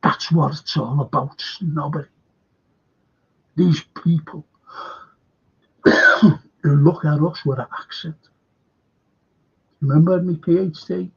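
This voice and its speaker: Scouse male streamer, gravelly and husky, slightly raised pitch, lo-fi dull stream audio, rambling anecdotal delivery. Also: steady tone, slow, pauses often. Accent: Liverpool (Scouse). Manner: meandering, many restarts and asides, earnest. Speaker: current affairs livestream host.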